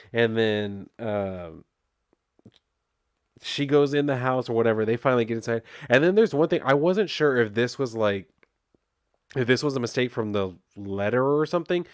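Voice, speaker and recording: A man's voice: fairly low pitch, no echo, clean studio sound. A man casually reviewing a comic, talking in a loose, laid-back way full of fillers.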